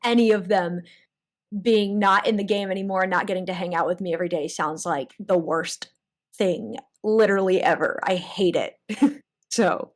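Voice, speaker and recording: A young woman, a guest contestant, telling her story in casual interview chat, animated, with many restarts and laughs. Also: medium pitch, moderate pace.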